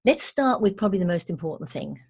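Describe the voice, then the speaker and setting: A woman's voice: fairly low pitch, sing-song, fast, a little mellow, slightly rough. A woman communication trainer giving a recorded lesson, emphatic and playful in a teacherly way.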